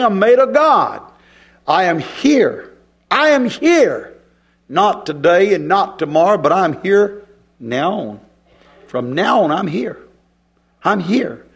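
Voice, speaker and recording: A man delivers a folksy sermon in a fairly high voice that swoops up and down with lively emphasis. He talks plainly, with rural grammar, and repeats short phrases for rhythm. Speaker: preacher.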